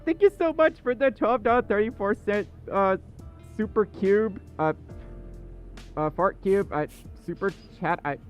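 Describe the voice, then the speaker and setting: A male livestream host chatting casually with viewers, excitable and self-deprecating. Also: sits high, a little slow, highs cut off, soft background music.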